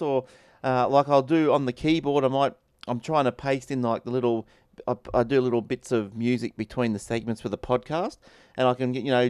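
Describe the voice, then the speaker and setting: A man's voice: mid-range voice, darkish tone, smooth, no room sound. A man, hosting a podcast, chatting casually and venting in a rambling, exasperated way. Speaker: podcast host. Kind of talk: casual chat.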